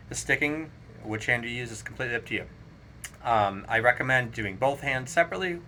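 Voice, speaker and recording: A man teaching a drum lesson, counting rhythms aloud in a relaxed, explanatory way. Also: mid-range voice, moderate pace, over loud music. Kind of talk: casual spoken drum lesson. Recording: drums playing clearly behind the voice. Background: drum kit playing.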